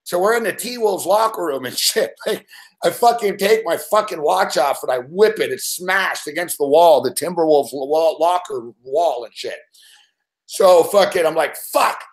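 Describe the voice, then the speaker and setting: A man's voice: on the high side, moderate pace. A man telling a rambling story in casual chat, swearing constantly and acting out growls and laughs. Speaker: show regular telling a story.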